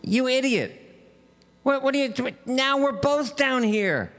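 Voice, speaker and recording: A desperate man stuck at the bottom of a well, his voice jumping high and strained with panic, played by a man telling the story. He shouts his pleas in short, urgent bursts. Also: lively intonation, measured pace, long reverb tail, full character voice. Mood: panicked.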